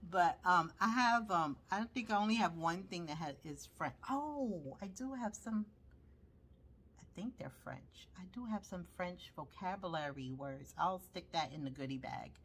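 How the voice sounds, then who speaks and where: A woman's voice: fairly low pitch, lively intonation, normal speed, husky. A woman with a Brooklyn accent showing her handmade journals, chatting casually and rambling with lots of fillers. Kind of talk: casual show-and-tell.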